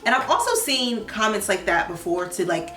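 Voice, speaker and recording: A young adult woman vlogger talking casually to her viewers, slangy and animated, practicing Spanish words. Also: mid-range voice, moderate pace, roomy sound, soft background music. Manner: animated, slangy, talks to viewers, bursts of excitement.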